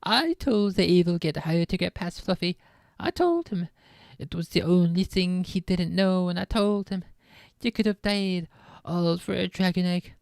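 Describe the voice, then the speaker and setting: A woman voicing a huge, big-hearted half-giant groundskeeper who weeps loudly with remorse, in a read-aloud storybook. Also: on the low side, normal speed, gravelly, few pauses, dry recording, pitched above the performer's own voice. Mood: sobbing remorse. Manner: sobbing, loud and broken. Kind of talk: audiobook-style read-aloud on stream.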